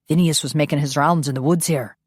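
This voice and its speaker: Woman voicing a lower, brisk, matter-of-fact vampire soldier. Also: fairly even intonation, husky, dry recording, clean studio sound. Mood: reporting. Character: male vampire fighter in Santa suit, matter-of-fact.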